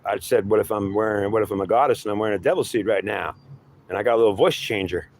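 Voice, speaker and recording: A man's voice: fairly low pitch, fast, darkish tone, slight background noise, natural voice. A man playing a taunting devil god. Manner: taunting, threatening, calls listener boy. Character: menacing male devil claiming to be god. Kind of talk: improvised two-voice monologue.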